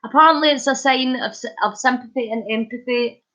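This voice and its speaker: A Scottish woman chats on her live stream in a slightly high voice, playful and animated as she answers comments and spins a story. The audio is dull and lo-fi, like a cheap stream mic. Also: normal speed. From Scotland. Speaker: livestream host. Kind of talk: casual live-stream chat.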